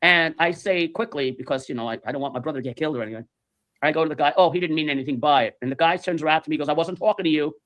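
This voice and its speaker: A man's voice: fairly high pitch, rapid-fire. A man telling a story in casual chat, animatedly acting out the voices of the people in it. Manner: animated, acts out quoted voices.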